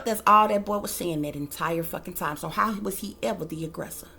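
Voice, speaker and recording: A woman's voice: fairly low pitch, a little fast, creaky, hardly any pauses, pushed and bright. A woman hosting a heated commentary vlog, talking bluntly and emphatically with plenty of profanity. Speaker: channel host.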